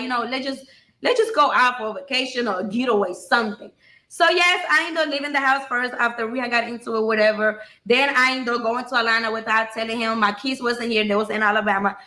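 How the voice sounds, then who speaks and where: High-voiced woman spilling her story, blunt, cussing, keeps saying y'all, kinda echoey room. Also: steady tone, fairly quick, sharp tone. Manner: blunt, swears freely, addresses listeners as y'all. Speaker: woman telling her own story in a clip. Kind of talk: emotional personal storytelling.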